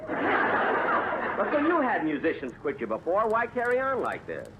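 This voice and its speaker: An actor playing an exasperated, wisecracking comedian who talks in a dry, sarcastic deadpan on an old radio comedy broadcast. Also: male voice, sits high, a little slow, over a noisy crowd, very noisy, exaggerated voice. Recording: tinny old radio broadcast with studio audience.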